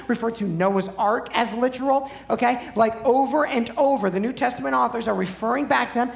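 A male pastor preaches a sermon conversationally, putting questions to his audience. His voice is very high-pitched and creaky, and the sound is reverberant.

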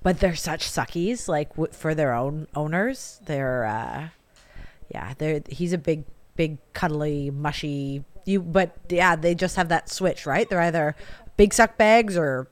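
A woman with a lowish voice hosts a podcast in easy, chatty conversation. She laughs often and reacts quickly to her guest. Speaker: podcast host. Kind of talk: casual interview chat.

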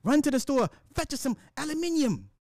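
Man putting on a prissy British-accented voice, high and breathy, fussy drawn-out politeness, dry close sound. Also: sing-song, a little mellow, no echo, exaggerated voice. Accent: British (mocked).

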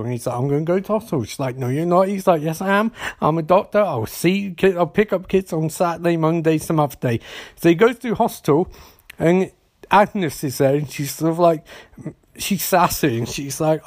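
A man casually recapping a movie with jokes and swearing, acting out the characters' lines in quick voices. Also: a little high, a little mellow.

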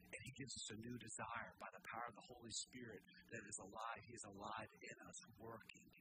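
Man, pastor, sermon, emphatic, repeats phrases, lively pitch, noisy background. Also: fairly quick. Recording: clear steady background noise.

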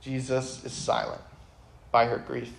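A young man giving a casual, earnest talk to high school students, full of fillers and sudden bursts of energy. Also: flat delivery, measured pace, vocal fry. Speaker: youth speaker.

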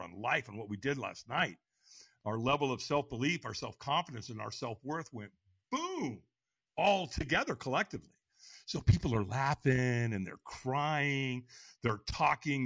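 A man telling his story as a podcast guest, lively and animated, acting out quotes and laughing often. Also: gravelly, no echo. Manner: lively storyteller, acts out quotes with big pitch jumps. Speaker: guest, firewalk instructor.

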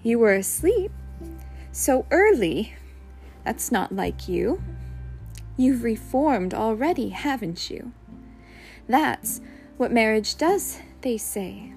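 A woman playing a bright, playful woman on the phone. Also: fairly high pitch, sing-song, slow pace, gravelly, pauses often, soft background music, heavily acted. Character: woman on the phone, charming and strained.

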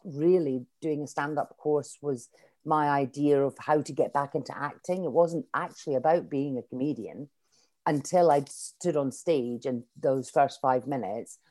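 Middle-aged Scottish woman, low voice, wry chatty interview guest. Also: mellow. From Scotland. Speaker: comedian guest. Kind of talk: conversational interview.

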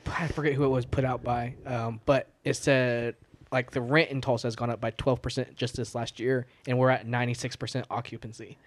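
A man chatting casually in a group, telling a story in a soft, animated way. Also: medium pitch, fairly quick, dry recording.

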